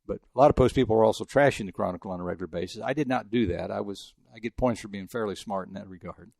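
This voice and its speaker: A man's voice: lowish voice, very fast, gravelly, darkish tone, dry recording, clean studio sound. An older man from El Paso, a veteran sportswriter telling rambling stories in a casual interview. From El Paso, Texas. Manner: rambling anecdotes with frequent restarts. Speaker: guest sportswriter.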